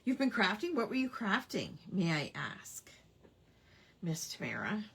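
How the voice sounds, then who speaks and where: A woman's voice: mid-range voice, big pitch swings, measured pace, gravelly, fairly bright tone, breathy edge. A woman hosting a casual craft hangout, chatty and playful, savoring quirky old words with giggles. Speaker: craft livestream host.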